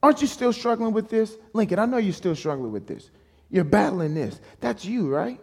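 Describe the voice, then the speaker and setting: A man's voice: sits high, sing-song, normal speed, vocal fry, big-room sound, full character voice. A man voicing a taunting male devil who needles a believer with mocking, accusing questions during a sermon.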